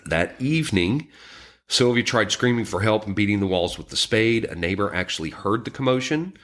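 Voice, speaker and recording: Deep-voiced guy telling a grim true crime story on a podcast, slow and hesitant, lots of ums. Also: animated, fairly bright tone. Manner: somber, halting, many ums and restarts. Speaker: podcast co-host.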